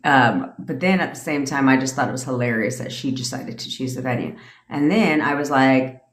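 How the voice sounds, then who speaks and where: A woman's voice: rumbling low, moderate pace. A woman in her thirties, a manifestation coach ranting and answering questions on a casual livestream, blunt and profane, laughing often. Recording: echoey room.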